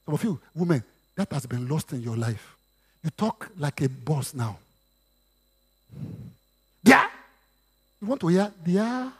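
Nigerian pastor guy preaching, high lively voice, husky and gravelly. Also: normal speed, pauses often. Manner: lively preaching with Yoruba asides and acted quotes. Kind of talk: sermon.

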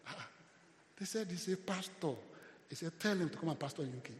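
A man with a Nigerian accent preaching a sermon as a pastor, with call-and-response and loud rising swells. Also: a little high, lively intonation, brisk, echoey room, big-room sound, slight background noise.

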